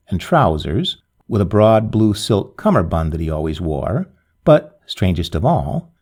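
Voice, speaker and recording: A man reading a first-person tale aloud as narrator, with an expressive delivery that lifts suddenly. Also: lowish voice. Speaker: story narrator.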